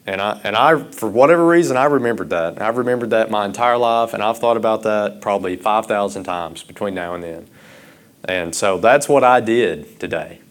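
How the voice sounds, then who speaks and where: Preaching man, halting then impassioned. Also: lowish voice. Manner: rambling and halting at first, then rising and impassioned. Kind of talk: sermon.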